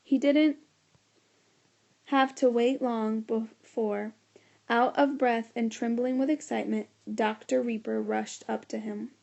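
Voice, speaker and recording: A woman reading a children's storybook aloud, steady and expressive. Her voice sits a little high, with a gravelly grain and a mellow, dark warmth. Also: slow pace. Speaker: narrator.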